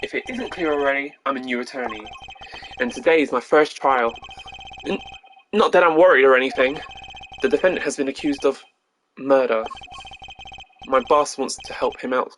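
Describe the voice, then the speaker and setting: A British man voicing a nervous, energetic young male rookie lawyer in a put-on American accent, playing through a video game. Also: medium pitch, moderate pace, pauses often, slight background noise, natural voice, low-quality recording. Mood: eager. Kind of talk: game playthrough voice acting.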